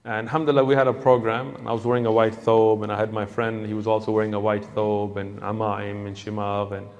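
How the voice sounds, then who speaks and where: Male preacher, conversational storyteller, fry in the voice, big reverberant hall. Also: lowish voice, quick pace, muffled recording. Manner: casual, conversational, animated retelling. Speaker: Islamic speaker. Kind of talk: storytelling sermon.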